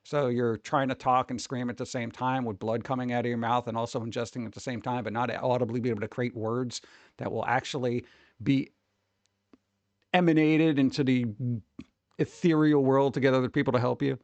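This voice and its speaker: A man hosting a casual live stream, rambling and mocking things with sudden jumps up into a high voice. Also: flat delivery, fairly quick, a little mellow, no echo, muffled recording. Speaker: streamer host.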